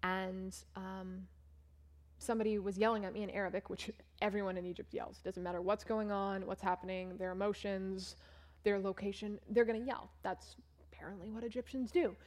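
Her mid-range voice is a little mellow, brisk, and fairly flat in pitch as this young volunteer teacher from the US tells casual stories about her class over photos. She speaks chattily, filling gaps with "like" and "um," and acts out what others said.

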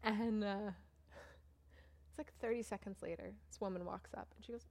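A woman's voice: medium pitch, steady tone, normal speed, vocal fry, a little mellow. A young woman from Maine telling a chatty, self-mocking story about a mission trip to a church audience while showing slides. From Maine, USA. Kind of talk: casual storytelling talk with slides.

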